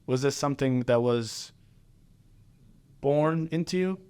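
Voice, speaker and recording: Sex: man. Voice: smooth, clear, mid-pitched. Role: podcast co-host. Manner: probing, halting questions. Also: darkish tone. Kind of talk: casual podcast conversation.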